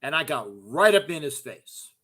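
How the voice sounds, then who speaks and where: A man's voice: on the high side, animated, moderate pace, loud music behind the voice. A middle-aged man hosting a fan show, ranting in a profane, fired-up way and often repeating himself. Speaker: host of a fan call-in show. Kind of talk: heated casual fan rant.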